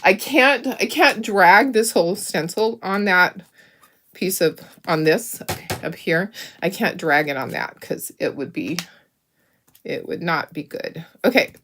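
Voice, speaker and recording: A woman's voice: fairly low pitch, measured pace, a bit bright, slight background noise. A middle-aged woman hosting a craft video, chatting casually to viewers as she works, upbeat, with frequent little laughs. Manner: chatty, self-talking while working, frequent little laughs; upbeat, enthusiastic.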